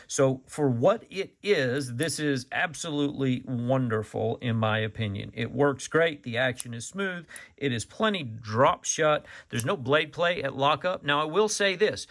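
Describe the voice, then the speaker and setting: Folksy gravelly man reviewing knives. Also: medium pitch, animated, normal speed, fairly bright tone. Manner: folksy, rambling, says "y'all". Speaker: knife reviewer. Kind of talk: casual product review.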